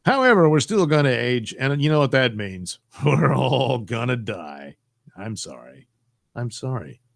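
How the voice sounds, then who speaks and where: A man's voice: mid-range voice, sing-song, a little slow, gravelly, dry recording, clean studio sound. Rambling, jokey man on a live stream. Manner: rambling, jokey, reads chat aloud. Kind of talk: casual live stream chat.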